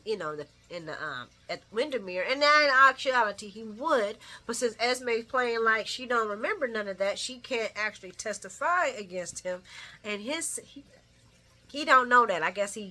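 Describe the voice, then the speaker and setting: Blunt, bright-voiced woman recapping soaps. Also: medium pitch. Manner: blunt and opinionated, curses freely; laughs often while talking. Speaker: soap opera recap vlogger. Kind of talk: casual late-night recap.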